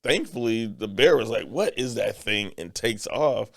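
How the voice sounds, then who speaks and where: Gravelly man telling a story. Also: medium pitch, a little slow. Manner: animated storyteller, acts out quotes. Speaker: podcast co-host. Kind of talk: casual chat.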